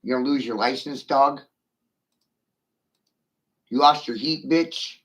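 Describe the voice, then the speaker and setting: A man's voice: mid-range voice, slow pace, fairly bright tone, rough recording. A middle-aged man in a profane, taunting rant, swearing aggressively at his critics.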